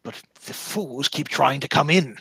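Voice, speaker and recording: A man's voice: mid-range voice, measured pace, creaky, bright, forceful tone, slightly rough, pitched above the performer's own voice, heavily acted. A man voicing a defiant male druid outcast who guards his tree, speaking curtly and mockingly. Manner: mocking, curt.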